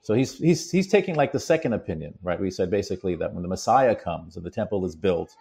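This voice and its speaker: A man's voice: deep voice, lively intonation, fast talker, vocal fry, a little mellow, husky. A man in casual commentary who explains background and reads quotes aloud with emphasis. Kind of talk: conversational commentary.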